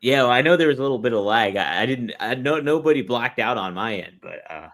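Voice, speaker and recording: A man co-hosting a podcast over a video call, chiming in with quick, easygoing remarks in casual chat. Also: mid-range voice, expressive, a bit bright.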